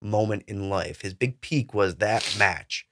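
A man in casual movie talk, animated and acting out scenes in put-on voices. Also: lowish voice, a little slow.

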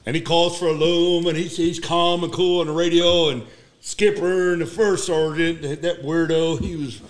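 A man's voice: on the high side, fairly even intonation, normal speed. Man, veteran storyteller, emphatic, profane, casual chat. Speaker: retired Marine gunnery sergeant.

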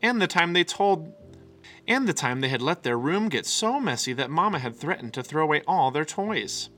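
A man reads a children's picture book aloud with lively, swooping expression. His tone is bright and clear, with soft music playing faintly underneath. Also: a little high, normal speed. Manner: animated, expressive. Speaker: storyteller.

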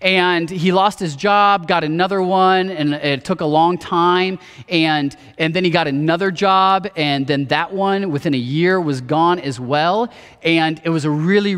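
Man, thirties, pastor, earnest sermon storytelling, slightly higher voice, long hall reverb. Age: 30s. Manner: earnest personal storytelling, drops soft for quotes. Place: church auditorium.

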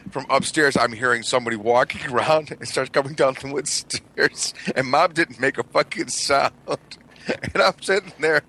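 Brief: Midwestern man, 40s, bright tone, cussing storyteller among buddies. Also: mid-range voice, normal speed, husky. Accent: Midwestern American. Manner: profane, animated, laughing storyteller. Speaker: podcast co-host telling stories. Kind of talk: casual storytelling among friends.

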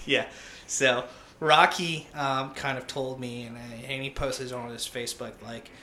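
A man's voice: mid-range voice, measured pace. Blunt, profane man in an echoey room. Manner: blunt, profane, animated storyteller. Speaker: interview guest, military veteran. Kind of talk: casual conversational storytelling. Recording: roomy echo, faint ambient noise.

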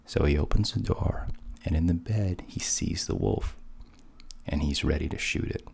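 A man casually retelling a fairy tale in a relaxed, conversational way, with asides. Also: rumbling low, normal speed, gravelly, husky. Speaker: storyteller.

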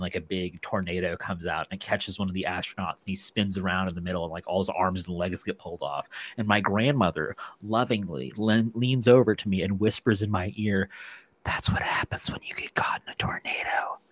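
A young man from Texas with a lowish voice, co-hosting a casual podcast. He rambles through his stories, leaning on filler words and loose restarts. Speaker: podcast co-host. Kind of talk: casual chat.

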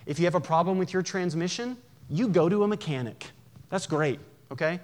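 A man preaching a sermon in a church, conversational and animated, with jokes and acted-out voices. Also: sits high, a little fast. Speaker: pastor.

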